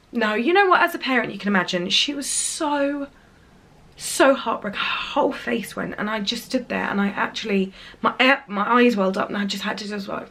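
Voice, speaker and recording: A woman speaks in a gentle, soft-spoken way, her voice sitting a little high. She is a mum in her thirties vlogging casually to camera, often dropping low and quiet as she talks. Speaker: parent vlogger. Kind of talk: emotional casual vlog.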